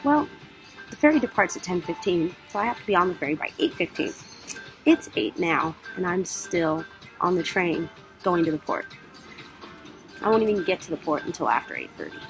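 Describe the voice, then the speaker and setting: A woman's voice: fairly low pitch, normal speed, soft background music, low-quality recording. A young woman vlogger telling a travel story in a casual way, acting out her own panic. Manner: animated, acts out her own panic in quotes.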